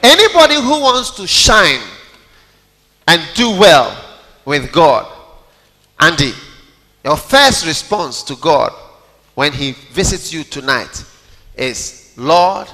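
A male pastor preaches a dramatic sermon in a high, bright, forceful voice, dropping to near whispers and rising to loud calls as he acts out scripture. His words ring through a large church hall with a long reverb. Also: big pitch swings, slow, pauses often. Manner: dramatic, swinging from hushed to loud, acting out quotes.

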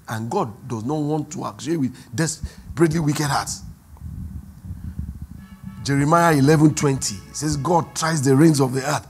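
A man with a Nigerian accent, preaching a sermon as pastor, who swings from quiet asides to loud, drawn-out emphasis. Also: mid-range voice, slightly rough, faint music behind. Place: church hall.

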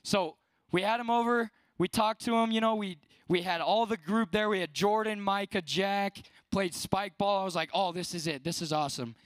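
A man's voice: sits high, fairly even intonation, normal speed, fairly bright tone, clear, resonant tone, no room sound. A young man in his late teens giving a casual youth sermon, talking conversationally and filling his speech with "like". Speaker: student speaker at a youth service.

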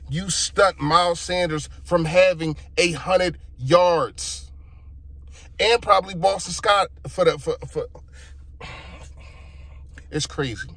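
A man's voice: on the high side, a bit bright. A young man delivers a frustrated sports opinion rant and talks straight to his listeners. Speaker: sports fan vlogger.

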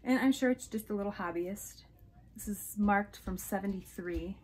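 A woman's voice: medium pitch, moderate pace. A woman talks through her thrift haul in an easy, chatty show-and-tell, gushing over each little find. She is hiccuping now and then, and a faint hiss sits under her voice. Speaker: resale vlogger.

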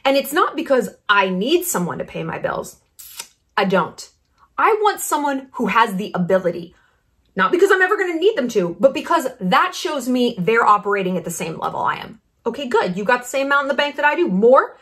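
A woman's voice: high-pitched, a bit bright. A woman in her thirties delivering a blunt, sarcastic opinion monologue as a vlogger. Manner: brash, blunt and sarcastic, with quick asides. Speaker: YouTube commentator.

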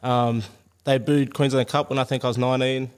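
A young man from Brisbane, a guest athlete, telling his story in a relaxed, plain way with fillers. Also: mid-range voice, fairly quick, clear, resonant tone. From Brisbane, Australia. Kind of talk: casual chat.

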